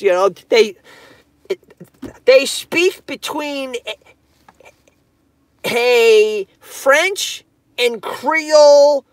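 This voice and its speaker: Slow, profane commentator ranting into a dry mic, rambling and repeating himself. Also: male voice, very high voice, a bit bright, no room sound. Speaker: YouTube commentator.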